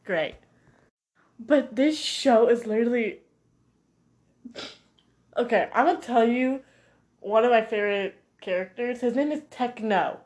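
A young woman vlogger chatting casually about a series, animated and gossipy, with sassy asides. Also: fairly high pitch, measured pace. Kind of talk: casual chat reviewing a series.

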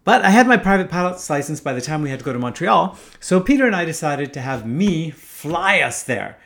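A man's voice: on the high side, sing-song, brisk, gravelly, a bit bright. Wry man in his fifties telling a story. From Canada. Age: 50s. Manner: wry, casual, swears freely. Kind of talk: first-person story narration.

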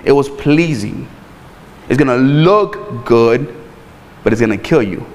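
A man preaching a sermon in a loose, animated, conversational way, repeating words and tossing in playful asides. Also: medium pitch, unhurried, big-room sound. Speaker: pastor.

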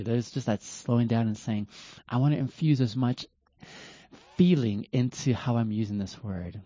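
A man hosting a reflective livestream talk, speaking slowly and earnestly, often pausing and restarting his sentences. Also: medium pitch, warm tone, dry recording, highs cut off. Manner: slow, deliberate, earnest, with many restarts. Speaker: host of a self-reflection talk.

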